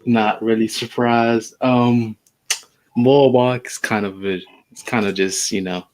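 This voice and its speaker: A man co-hosting a casual sports podcast, giving slow, matter-of-fact opinions. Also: medium pitch, steady tone, darkish tone. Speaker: podcast co-host.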